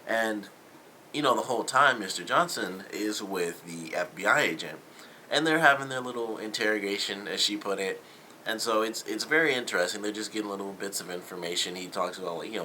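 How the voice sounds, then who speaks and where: A man's voice: fairly low pitch, a little fast, bright, forceful tone, a little hiss or hum, rough recording. A young man talking casually through a TV episode review, rambling with many fillers and loosely quoting the characters. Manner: rambling, lots of fillers and paraphrased quotes.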